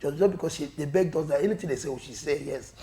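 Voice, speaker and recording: A man with a Nigerian accent, a guest comedian telling a funny story in an animated way and laughing often. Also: fairly high pitch, fast talker. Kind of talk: comic storytelling. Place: studio.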